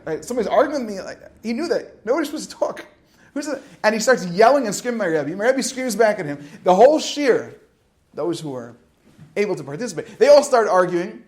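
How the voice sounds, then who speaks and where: A rabbi in midlife gives a storytelling Torah talk to high school students. His voice sits a little high for a man. He swings from loud, animated telling to hushed asides. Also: quick pace.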